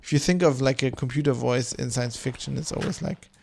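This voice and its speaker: A man's voice: mid-range voice, a little fast, gravelly, a little mellow, breathy edge. A man streaming a game, rambling in loose, casual chat full of swearing and fillers. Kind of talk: casual chat while gaming.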